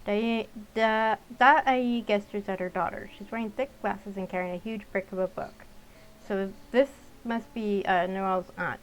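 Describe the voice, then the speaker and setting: The low-quality recording, with slight background noise, captures a young woman's mid-range voice, fairly even in intonation and moderate in pace. As a gaming channel host, she narrates a visual novel let's-play and chats casually, with fillers, between lines.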